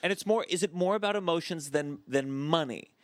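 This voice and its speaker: A man's voice: on the high side, brisk, no echo. A man hosting a comedy podcast, asking questions and throwing in jokes in a casual chat. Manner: joking interjections and questions.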